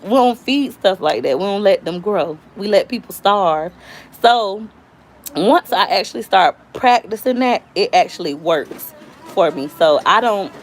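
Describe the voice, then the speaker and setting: A woman from Florida hosting a casual live stream, talking candidly and acting out quoted voices as she tells stories. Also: mid-range voice. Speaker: YouTube host.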